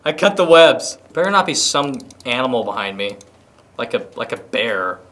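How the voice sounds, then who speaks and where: A man hosting a gaming video, commentating with loud, playful exclamations and goofy banter. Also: mid-range voice, big pitch swings, moderate pace. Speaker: gaming host.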